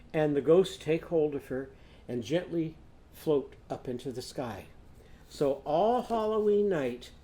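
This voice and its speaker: Guy teaching little kids, slow and gentle, warm mellow voice, encouraging. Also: fairly high pitch. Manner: gentle, encouraging, speaks directly to young students. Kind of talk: children's lesson.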